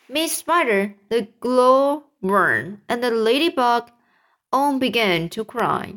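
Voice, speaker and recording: A woman with a fairly high voice reads a children's story aloud at a slow, deliberate pace. She stops to repeat words now and then before carrying on. She lifts her pitch when she speaks the characters' lines. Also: very animated, fairly bright tone. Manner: slow, careful reading with small restarts and repeated words. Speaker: reader. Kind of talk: reading a children's book aloud.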